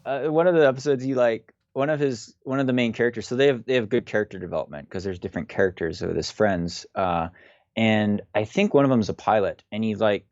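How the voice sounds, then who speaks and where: A man in his thirties talks over a video call in a relaxed, rambling way, full of fillers. His voice sits fairly low. The call audio is dry and dull. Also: dry recording. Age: 30s. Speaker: guest. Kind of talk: casual chat on a video call.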